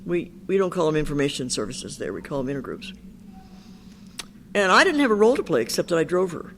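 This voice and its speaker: A woman's voice: deep voice, sing-song, fast, a little hiss or hum. Older woman telling her recovery story. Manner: candid, chatty storytelling with quoted dialogue. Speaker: Al-Anon speaker. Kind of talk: personal recovery talk.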